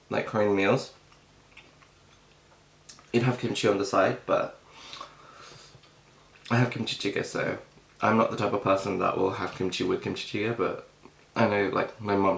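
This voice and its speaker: A man's voice: on the low side, fairly even intonation, moderate pace, creaky, long pauses. A young man chatting casually on a mukbang video as he eats, rambling with plenty of fillers and talking with his mouth full. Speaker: mukbang vlogger. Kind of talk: casual chat while eating. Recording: echoey room.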